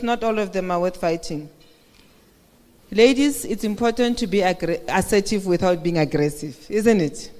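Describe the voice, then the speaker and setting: A woman giving a motivational talk at a women's conference, speaking conversationally and often asking the audience questions. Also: on the high side. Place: conference hall. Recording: echoey hall with long reverb.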